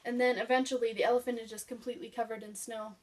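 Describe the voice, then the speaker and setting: A woman's voice: fairly high pitch, little pitch movement, fast talker, a little hiss or hum. A woman chatting casually about her favorite childhood books, rambling and enthusiastic with lots of fillers. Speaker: book vlogger. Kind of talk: casual book review chat. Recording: voice picked up from a distance.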